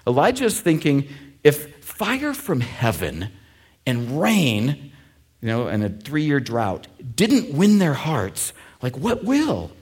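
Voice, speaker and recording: A man's voice: medium pitch, wildly swooping pitch, slow pace, a little mellow, slightly rough. A man preaching a sermon to a congregation in a conversational way, with asides and jokes. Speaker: pastor.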